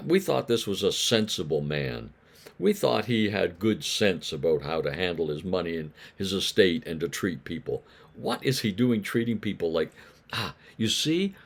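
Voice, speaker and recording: A man preaching a daily Bible devotional in a conversational way, asking his listeners questions and acting out the voices of grumbling neighbors. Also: on the low side.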